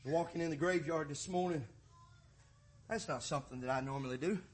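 A man preaching a sermon, moving between quiet, folksy storytelling and loud, rising passages. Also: medium pitch, breathy edge.

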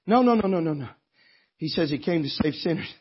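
A man preaching a sermon in church as pastor, moving from quiet scripture reading to impassioned, tearful shouting. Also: on the high side, animated, fairly quick, slightly rough. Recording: dull lo-fi sermon recording.

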